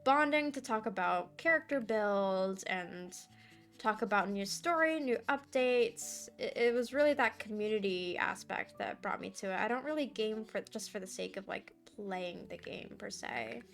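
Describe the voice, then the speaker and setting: A woman's voice: mid-range voice, normal speed, gravelly. A young woman art streamer chatting casually and giggling while she draws, sometimes cooing baby talk at her cat. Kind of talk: casual chat while drawing. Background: soft background music.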